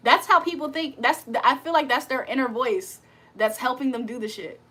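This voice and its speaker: A woman chatting on a live stream with a bright, forceful edge to her slightly high voice. She reads out viewer comments and jokes with them, and laughs often. Her talk is loose and full of slang. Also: lively intonation, moderate pace. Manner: playful, joking, laughs often. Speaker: livestream host. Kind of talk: casual live-stream chat, reading comments aloud.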